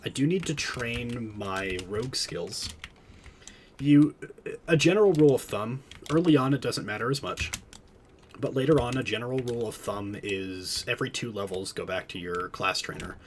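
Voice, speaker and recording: A man's voice: medium pitch, moderate pace, slight background noise. A man streaming a game, chatting casually and explaining the mechanics as he plays. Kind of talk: casual gameplay commentary.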